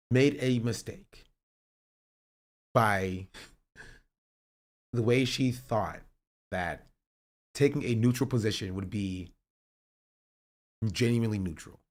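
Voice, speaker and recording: A man's voice: mid-range voice, slow pace, pauses often. Blunt, profane streamer man. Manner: blunt and profane, fired up when mocking. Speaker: streamer reacting to clips. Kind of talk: livestream reaction commentary.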